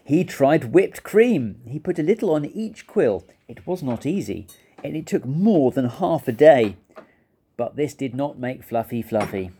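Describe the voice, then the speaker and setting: Expressive man reading a children's story. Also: mid-range voice, measured pace, slightly rough. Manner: expressive, playful, laughs along. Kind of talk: children's story read-aloud.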